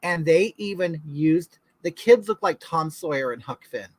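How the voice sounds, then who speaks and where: A man's voice: on the high side, lively intonation, measured pace, no echo, poor audio. A man from California hosting a casual livestream, chatting to viewers and reading their comments aloud in a gossipy way. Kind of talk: casual chat.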